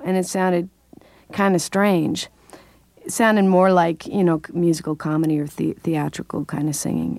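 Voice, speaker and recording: Older woman, sixties, Californian singer and voice teacher; lowish, dry close sound; patient, explanatory interviewee. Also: darkish tone, dry recording. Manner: thoughtful, explanatory, laughs often. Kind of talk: interview conversation.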